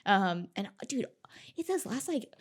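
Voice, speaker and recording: Woman, podcast guest, mid-pitched, animated storyteller, swears freely, laughs a lot. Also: unhurried. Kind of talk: casual chat.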